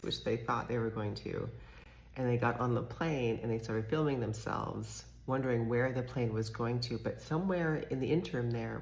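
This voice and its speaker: A man's voice: medium pitch, vocal fry, echoey room. A man giving casual reaction commentary, incredulous, spelling words out letter by letter.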